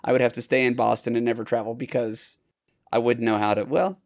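A man's voice: medium pitch, little pitch movement, brisk. A man hosting a podcast, talking casually in a rambling, self-correcting way. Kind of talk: casual chat.

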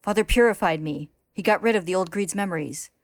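A woman's voice: medium pitch, a little fast, dry recording, clean studio sound, lightly acted. A woman voicing a cocky, cold male homunculus who talks coolly and snarls when pushed. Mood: tormented, snarling.

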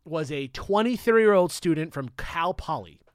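A young man hosting a podcast, telling a story in a casual, animated way with jokey asides and swearing. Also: a little high, measured pace, no room sound, clean studio sound. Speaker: podcast host.

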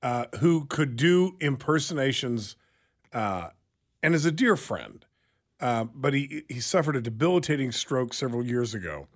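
A man's voice: medium pitch, very animated, moderate pace. A male radio co-host telling stories and teasing his colleagues in casual studio chat. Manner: storytelling, teasing, chuckling.

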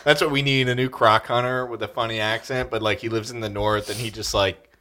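A young man in casual comedic chat, telling stories in an animated way, acting out quotes and swearing freely. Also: medium pitch, fairly quick.

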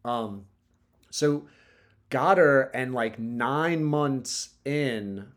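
Regular-pitched guy just chatting, swears a ton, says like and dude constantly, chill storytelling vibe. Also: extremely slow. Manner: laid-back, swears a lot, heavy use of "like" and "dude". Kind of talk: casual chat, storytelling.

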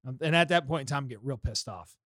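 A man's voice: medium pitch, lively intonation, fast talker, a bit bright, no echo, clean studio sound. A man from the United States telling a story on a podcast in a profane, heated way. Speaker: podcast co-host.

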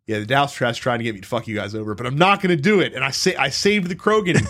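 A man co-hosting a casual talk about video games, with a voice of middling pitch. He tells long stories in a rambling, profane way and stops and restarts often. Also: fast talker. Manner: rambling, profane, animated storytelling with frequent restarts. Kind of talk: casual gaming chat.

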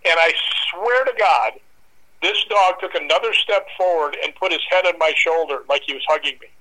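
High bright-voiced man telling a wild story. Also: moderate pace, low-quality recording. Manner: lively, acts out voices and dog growls. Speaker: guest storyteller. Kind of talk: animated anecdote telling.

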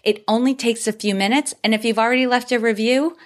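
A woman's voice: on the high side, steady tone, fast talker. A woman hosting her own podcast, talking upbeat and grateful as she thanks listeners and reads their reviews aloud. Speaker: podcast host. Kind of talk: solo podcast monologue.

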